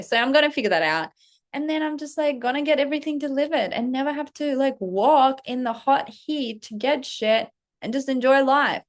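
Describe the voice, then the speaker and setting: A woman telling a casual story in a vlog, animated and swearing constantly as she acts out her own reactions. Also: on the high side. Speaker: vlogger, self-leadership coach. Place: Paris.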